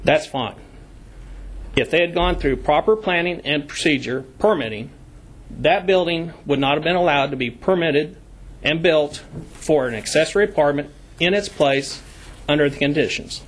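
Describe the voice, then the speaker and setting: Guy at a county meeting mic, reading code rules, leaning on the big words. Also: a little high. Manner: deliberate, emphatic, stresses key words. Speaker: public commenter at county meeting. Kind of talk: formal public comment, reading code sections. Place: county commission meeting room.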